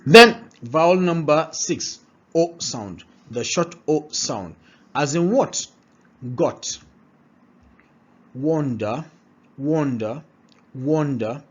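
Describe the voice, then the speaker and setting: Slow, husky man drilling vowel sounds. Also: mid-range voice, animated, highs cut off. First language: not English. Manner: slow, repeats each word several times with checks like "all right?". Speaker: pronunciation teacher. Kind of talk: pronunciation lesson, drilling words aloud.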